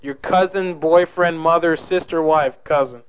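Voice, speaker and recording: A man's voice: on the high side, fairly even intonation, unhurried. A man making a prank phone call, crude, mocking and provoking. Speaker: prank caller.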